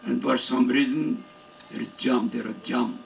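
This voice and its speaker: An older man from India with an Indian accent, giving a devotional lecture as a spiritual teacher in a slow, halting, deliberate way. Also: medium pitch, fairly even intonation, gravelly, muffled recording, a little hiss or hum.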